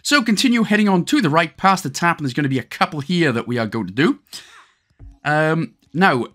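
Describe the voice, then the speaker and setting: A Welsh man talks viewers through a video game in a chatty, joking way. His pitch sits a little high for a man and moves in a lively, sing-song way. He drops casual slang and side remarks as he plays. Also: a little fast. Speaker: gaming guide host. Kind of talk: gameplay walkthrough commentary.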